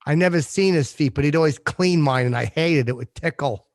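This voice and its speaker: A man's voice: on the high side, brisk, dry recording, lightly acted. An actor playing a crude, boastful male comedian who hosts a podcast, talking with swagger and heavy swearing. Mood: grumbling. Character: crude boastful middle-aged male comedian, vain and petty. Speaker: podcast host. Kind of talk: improvised character comedy.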